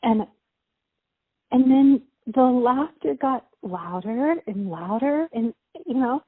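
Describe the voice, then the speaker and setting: Husky middle-aged woman on a tinny line. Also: a little high, animated, dry recording. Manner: rambling, halting, many fillers and restarts. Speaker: mother telling a story. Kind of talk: casual personal storytelling. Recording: tinny phone-like sound, dry.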